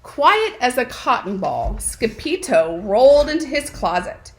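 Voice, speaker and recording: A woman reads a children's picture book aloud at home, in an expressive storytelling voice. Her pitch sits a little high and moves a lot, she takes her time over each line, and a faint hiss lies under the recording. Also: low-quality recording. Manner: animated storytelling, slow and expressive. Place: home with dogs nearby.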